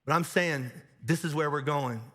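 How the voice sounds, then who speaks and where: Pastor, man, bright forceful voice, chatty sermon delivery full of restarts, live church hall reverb. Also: fairly high pitch, normal speed. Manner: conversational, animated, many restarts and asides. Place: large church auditorium.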